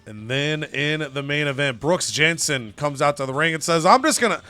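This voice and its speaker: Animated young man narrating a game. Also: a little high, normal speed, clean tone, faint music behind. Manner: animated storyteller. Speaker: gaming host. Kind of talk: narrating a wrestling game playthrough.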